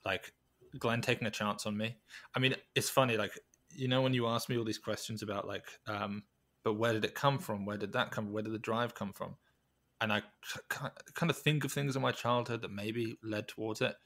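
A man with a low voice talks reflectively in a podcast interview. He speaks haltingly, circling back and restarting his sentences as he works through his thoughts. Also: fairly even intonation, fairly bright tone. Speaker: podcast guest, weightlifting coach.

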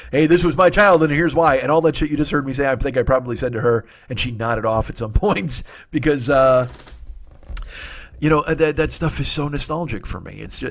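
Guy in his 40s ranting about food for his podcast, swears a lot, rambly and nostalgic. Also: medium pitch. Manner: profane, rambling, nostalgic rants. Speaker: comedy podcast host. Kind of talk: rambling comic monologue.

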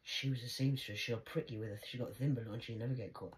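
A woman's voice: extremely low pitch, fairly even intonation, fast, rough recording. A woman telling family stories in a rambling, casual monologue, often dropping to a whisper and swearing freely. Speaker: vlogger.

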